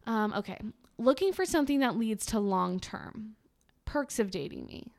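A woman's voice: a little high, lively intonation, normal speed, vocal fry. A young woman hosting a podcast, reading dating profiles aloud and mocking them with a sarcastic, wry delivery. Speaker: podcast host. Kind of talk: casual podcast commentary.

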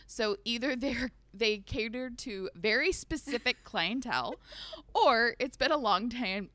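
A woman hosting a podcast retells a book chapter in a casual chat and laughs often as she goes. Her voice is bright and a little high, with lively swings in pitch. The sound is close and dry. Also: unhurried, dry recording. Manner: laughs often, animated storyteller. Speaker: podcast host.

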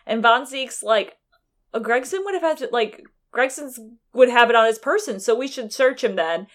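A woman chatting casually, recapping a story game with quick, animated acted-out lines and frequent laughter. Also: fairly high pitch. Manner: animated, laughing, acts out characters in quick voices. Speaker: podcast co-host recapping a game. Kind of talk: casual chat.

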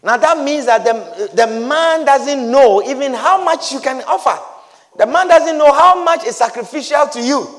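Male preacher, emphatic and repetitive delivery, swooping lively pitch. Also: moderate pace. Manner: emphatic, repetitive, rising to shouts. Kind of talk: sermon. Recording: reverberant hall.

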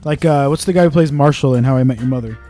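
A man's voice: medium pitch, mellow, faint music behind. A man co-hosting a podcast in casual chat, telling stories with lots of swearing and acted-out quotes. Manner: fast, swearing storyteller who acts out quotes. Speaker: podcast co-host.

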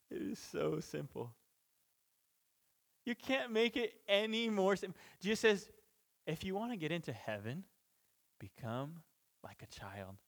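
Higher-voiced man teaching scripture. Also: sing-song, takes it slowly, gravelly, long pauses, a bit bright. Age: parent of children. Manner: informal, chuckles between points, restarts mid-sentence. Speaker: pastor. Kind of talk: conversational Bible teaching.

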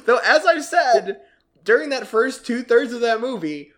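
A man's voice: extremely high pitch, measured pace. A man hosting a casual movie-review podcast, scoring his co-hosts' predictions and laughing often. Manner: laughs often, jokey and animated.

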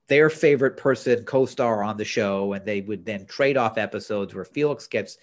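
A man co-hosting a podcast, recapping a TV episode in casual chat with blunt opinions. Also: mid-range voice. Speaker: podcast co-host.

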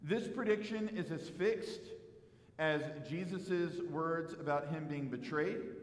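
Man, pastor, lively sermon, acts out dialogue, reverberant room. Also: fairly high pitch, slow. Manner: animated, acts out quoted dialogue, some repeated words. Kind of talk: expository sermon. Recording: echoey hall with long reverb.

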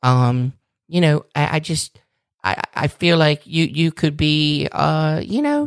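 A man's voice: fairly high pitch, slow, clean tone, dry recording, clean studio sound. A man from Maryland with a Baltimore accent, co-hosting a casual chat and getting worked up as he jokes. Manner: animated, gets worked up, joking. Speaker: podcast co-host.

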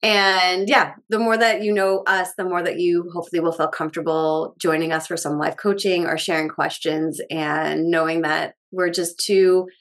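A woman's voice: on the low side, steady tone, moderate pace, hardly any pauses, fairly bright tone. A woman in her forties co-hosting a podcast as a life coach, talking in an upbeat, encouraging, enthusiastic way. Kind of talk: casual podcast chat.

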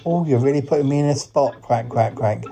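A man's voice: medium pitch, brisk, gravelly, warm tone, faint music behind, close to an everyday voice. A man voicing a cheerful, polite talking duck that adds quack, quack, quack to his sentences. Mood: eager. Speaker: podcast character.

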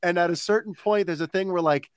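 A man's voice: high voice, fast, clean tone, dry recording. A man co-hosting a podcast in casual chat, telling rambling stories with frequent chuckles. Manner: rambling storyteller, chuckles often. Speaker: podcast co-host.

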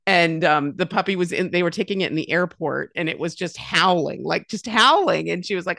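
Low-voiced mother telling family stories. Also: fairly quick, creaky, dry recording, clean studio sound. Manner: warm storyteller, lively quoted voices, many restarts. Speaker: podcast guest. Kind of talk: casual conversation.

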